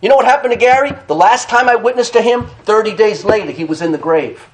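High-pitched male preacher, emphatic, repeats key phrases, calls for amens. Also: fast. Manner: laughs between points. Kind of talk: sermon.

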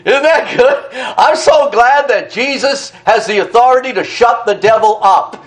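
A man's voice: very high-pitched, unhurried. A man preaching a sermon emphatically, repeating key phrases, calling out to the congregation for an "amen" and laughing between points.

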